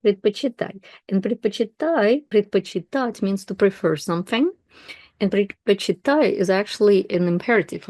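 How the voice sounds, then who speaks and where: Low, mellow-voiced Russian-speaking woman teaching. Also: no echo. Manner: relaxed, thinking aloud with fillers and self-corrections. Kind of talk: explaining a text while reading aloud.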